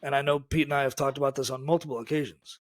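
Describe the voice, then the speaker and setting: A man's voice: medium pitch, steady tone, racing, no room sound, studio quality. A man hosting a podcast, teasing his guests and telling stories in casual chat. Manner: teasing storyteller. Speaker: podcast host.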